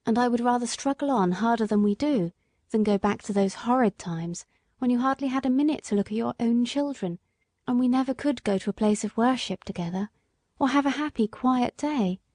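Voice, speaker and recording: A woman reading an audiobook, voicing a gentle, devoted working-class wife who speaks softly and from the heart. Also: a little high, a little fast, no echo, lightly acted. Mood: heartfelt.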